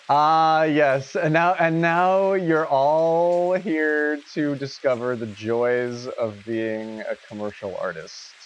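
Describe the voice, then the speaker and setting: A man's voice: a little high, slow pace, lo-fi sound, slight background noise. A man hosting a casual livestream who laughs often and swears freely. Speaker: livestream host.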